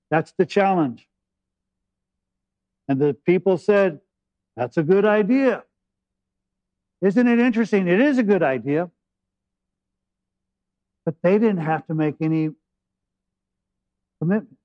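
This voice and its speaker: A man preaching a sermon with a high voice, retelling a scripture story in a lively, joking way. The sound is dry and a little muffled. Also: a little slow, long pauses, dry recording. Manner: animated storytelling preacher, paraphrasing scripture with humor. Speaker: pastor.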